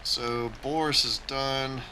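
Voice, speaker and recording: A man's voice: medium pitch, steady tone, slow pace, bright, forceful tone, a little hiss or hum, poor audio. A man hosting his own gaming channel, giving a casual, tactical play-by-play of his flight game as he plays.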